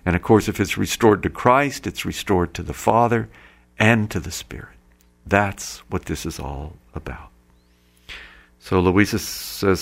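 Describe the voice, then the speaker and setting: A man's voice: deep voice, unhurried, vocal fry. A man giving a sermon-style talk, earnestly explaining passages he reads aloud. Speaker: preacher. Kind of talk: sermon-style spiritual reading commentary.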